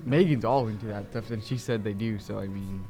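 A man co-hosting a casual podcast chat, teasing and lively, jumping between loud bursts and mumbled asides. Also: on the low side, a little fast, faint music behind.

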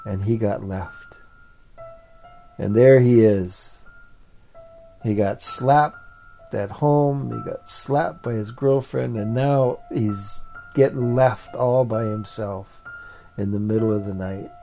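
A man's voice: lowish voice, slow, creaky, warm tone, soft background music. A man telling a family story aloud in a plain, repetitive storytelling way. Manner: repetitive, building phrases. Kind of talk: oral storytelling.

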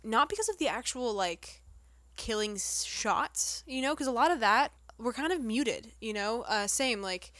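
A woman co-hosts a casual film review podcast, her voice sitting a little high. She tells stories with animated asides and acts out her own reactions. The sound is dry and close. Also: a little slow, no room sound. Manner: animated storyteller, quotes herself in a higher voice. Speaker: podcast co-host. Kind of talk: casual movie review chat.

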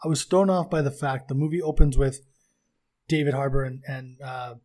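A man's voice: medium pitch, moderate pace, a little mellow. A man co-hosting a casual podcast chat, enthusiastic and rambling, laughing at his own points. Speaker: podcast co-host.

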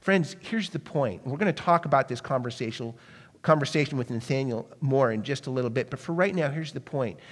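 Animated male preacher in a reverberant hall. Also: medium pitch, fairly quick, slightly rough. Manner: animated preaching, rhetorical questions, drops to near-whisper. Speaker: pastor. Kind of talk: sermon.

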